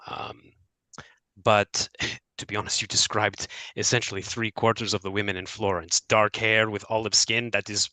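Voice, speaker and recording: A man voicing a composed, polite female artisan of Renaissance Florence in a tabletop role-play, speaking in a measured, formal way. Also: lowish voice, flat delivery, bright, forceful tone, no room sound, low-quality recording. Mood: candid.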